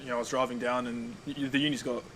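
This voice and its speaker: A young man talking quickly in a casual podcast chat. He is a barista and pizza maker, laid-back but animated when he tells a story. A faint hum of ambience sits behind him. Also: medium pitch, low-quality recording.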